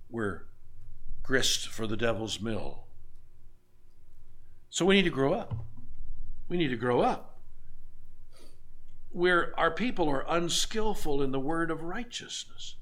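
A man's voice: on the high side, a bit bright. A man preaching a sermon in a folksy, emphatic way, repeating his exhortations. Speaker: pastor.

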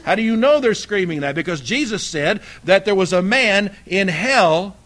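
A man preaching a fiery sermon, swinging between loud emphatic bursts and low, quiet asides. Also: animated, normal speed.

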